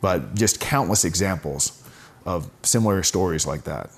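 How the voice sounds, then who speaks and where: A man's voice: sits low, normal speed. A man telling stories as a guest in a casual interview, earnest and often stumbling over repeated words. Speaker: podcast guest.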